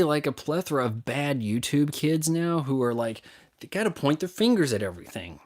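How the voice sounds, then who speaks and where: A man's voice: on the high side, sing-song, a little slow. A man answering viewer questions as a movie and game critic, blunt and sarcastic, swearing often and mocking others in put-on voices. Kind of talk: casual profane Q&A rant.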